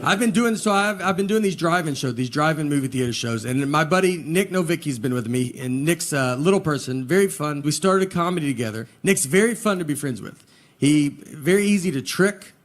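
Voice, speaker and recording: A man doing a stand-up comedy set, telling stories in a deadpan, low-key manner. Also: fairly quick. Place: live venue with laughing audience. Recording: loud crowd laughter and noise.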